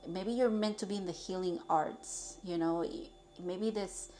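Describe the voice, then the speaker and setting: A woman's voice: fairly low pitch, measured pace, warm tone, slight background noise. A young woman giving a casual tarot reading to her viewers, rambling and chatty with many fillers and restarts. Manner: chatty, rambling, with frequent fillers and self-corrections. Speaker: tarot reader.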